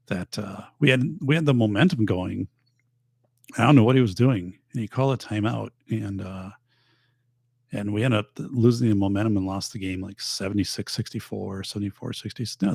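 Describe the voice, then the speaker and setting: Husky, gravelly-voiced man chatting casually. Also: fairly low pitch, darkish tone, no room sound. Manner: rambling, many fillers and restarts. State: losing his voice, tired. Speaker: podcast host. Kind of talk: casual chat reading viewer comments. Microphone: studio microphone.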